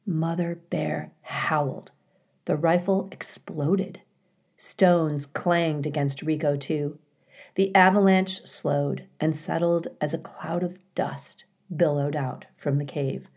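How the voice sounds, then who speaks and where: Slow, low-voiced woman reading aloud. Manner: calm, clear storytelling with occasional dramatic emphasis. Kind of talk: reading a children's novel aloud.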